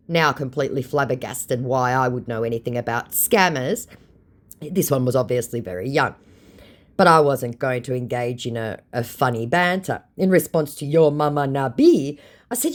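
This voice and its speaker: A woman's voice: rumbling low, animated, normal speed. A woman reading out her text chats with a scammer in a sarcastic, mocking tone, firing off dry, withering put-downs.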